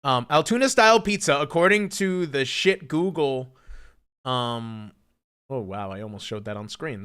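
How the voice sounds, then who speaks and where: A man's voice: medium pitch, fairly bright tone. A young man streaming live, ranting in a profane, mocking, incredulous way. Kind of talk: casual livestream rant.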